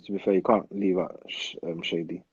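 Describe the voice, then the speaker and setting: A young man chatting casually as co-host, cutting in with quick, laid-back remarks. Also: low voice, steady tone, slightly rough, dry recording. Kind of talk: casual chat. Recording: dull, lo-fi and dry.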